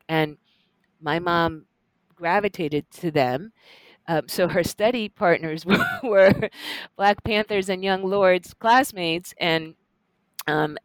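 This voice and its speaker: A middle-aged woman professor telling stories in a lively, animated way as an interview guest. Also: sits low, no room sound. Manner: lively, animated storyteller with laughs. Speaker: guest, professor and journal editor. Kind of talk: conversational interview storytelling.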